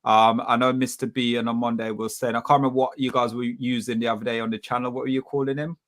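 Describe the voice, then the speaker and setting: A man's voice: medium pitch, level tone, quick pace, fairly bright tone. A man on a live fan show, chatting casually and hesitantly with many fillers as he leads the next topic. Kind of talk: casual live-stream chat.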